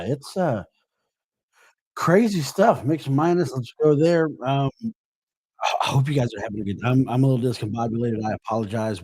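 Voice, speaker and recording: Male sports podcast host, hoarse and husky, dry close sound, rambling casual delivery, shouting out viewers. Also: mid-range voice, no room sound. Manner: rambling, greeting live chat viewers by name. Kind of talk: live sports podcast chat.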